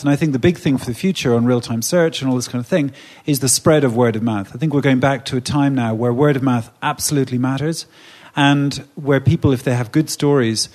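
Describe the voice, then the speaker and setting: On a conference panel, a medium-pitched man from England talks in an animated, conversational way, frequently restarting his sentences.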